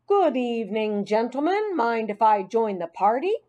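A woman's voice: on the high side, big pitch swings, moderate pace, mellow, dull audio. A woman voicing a friendly, self-doubting middle-aged male custodian in an audiobook. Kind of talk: audiobook character voice.

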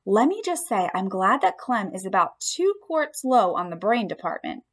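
A woman narrating a children's story aloud in the first person, with expressive storytelling. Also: medium pitch, normal speed, slightly rough. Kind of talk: audiobook storytelling.

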